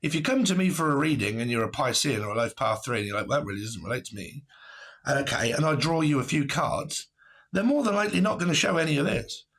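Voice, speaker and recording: Guy doing a tarot reading vlog, rambly and blunt, husky gravelly voice. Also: a little high, lively intonation, quick pace, fairly bright tone. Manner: blunt, rambling, swears, laughs a lot. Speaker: tarot reader.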